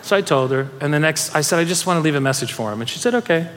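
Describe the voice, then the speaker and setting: A man with a high voice preaches in a large church hall, and a long reverb trails after his words. He tells stories with energy and urges the congregation to join in. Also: very fast, a little hiss or hum. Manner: animated storytelling preacher, urging the congregation. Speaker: pastor. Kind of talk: sermon.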